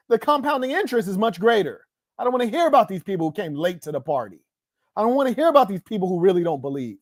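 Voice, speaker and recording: A man's voice: high-pitched, dry recording, clean studio sound. A man hosting an online livestream, delivering a combative monologue in a boastful, scornful, preachy way. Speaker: online show host.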